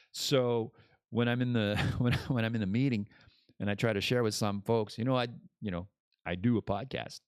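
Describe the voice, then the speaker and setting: A man with a voice on the low side hosts a podcast as a casual live stream, rambling and joking as he chats. He speaks briskly, and the studio-quality audio has no echo.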